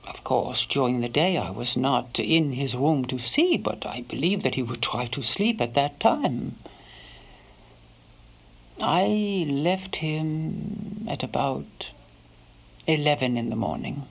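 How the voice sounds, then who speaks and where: A woman playing a devoted elderly housekeeper, recalling her employer in a soft first-person monologue that sometimes sinks to a whisper. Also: a bass voice, lively intonation, slow, vocal fry, husky, exaggerated voice, poor audio. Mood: wistful. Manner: soft-spoken, slips into hushed whispers.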